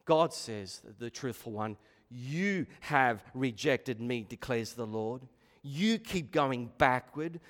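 A man preaching a sermon in a church, impassioned and swinging from hushed, low lines to loud, urgent ones. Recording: long hall reverb.

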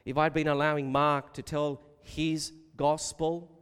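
A man preaching a sermon, emphatic and rhetorical, calling his listeners beloved and building to loud repeated questions. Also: on the high side, flat delivery, a little slow, smooth. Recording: long reverb of a large hall.

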